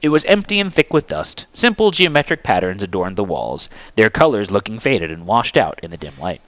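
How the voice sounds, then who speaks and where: A man narrating a fantasy story aloud in an expressive, animated dramatic reading. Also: lowish voice, brisk, no room sound.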